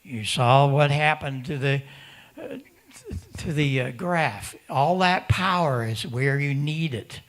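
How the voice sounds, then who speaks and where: A man speaks at medium pitch, slowly, with a fairly bright tone. He is presenting an emphatic talk at a ham radio symposium to ham operators in a conference room, repeating words for stress and acting out other hams' voices.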